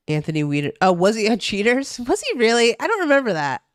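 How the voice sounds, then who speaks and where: A woman's voice: medium pitch, very animated, brisk, dry recording, studio quality. A young woman from New Jersey chatting casually on a live stream, swearing freely and reacting to chat. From New Jersey, USA. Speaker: streamer reading the news.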